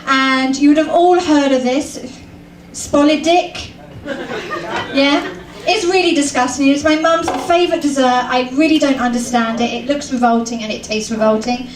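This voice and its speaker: A British woman with a high voice works through a stand-up set in a chatty, self-mocking way, dotted with ums. She sounds set back from the mic, and the club's echo and faint room noise ring around her. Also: steady tone, moderate pace, distant mic. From Britain. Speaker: stand-up comedian. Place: comedy club stage.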